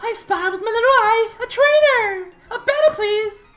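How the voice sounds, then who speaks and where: A man voicing an eager male game trainer in a shrill, overdone voice. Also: normal speed, a bit bright, soft background music. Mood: challenging. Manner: shrill and overdone, strains the throat. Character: squeaky male game trainer itching to battle.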